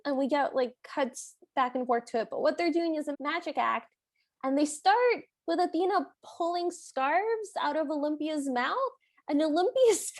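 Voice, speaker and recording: A woman co-hosting a podcast, chatting casually and laughing as she retells a film. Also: high voice. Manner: giggly, animated retelling. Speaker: podcast co-host. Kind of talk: casual chat recapping a film.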